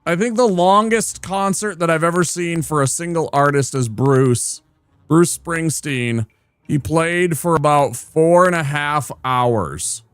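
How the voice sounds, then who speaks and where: A man's voice: on the high side, measured pace, a bit bright, smooth, no room sound. A man streaming and commenting on a game in a playful, teasing, chatty manner. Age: adult. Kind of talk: casual gameplay commentary.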